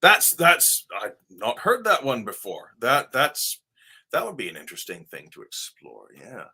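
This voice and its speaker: A man's voice: mid-range voice, wildly swooping pitch, a little slow, sharp tone, husky. A man from Ohio with a mixed English and Midwestern American accent, chatting casually as a livestream host reading viewer comments, rambling with fillers and the odd swear word. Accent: mixed English RP, Devon and Midwestern American.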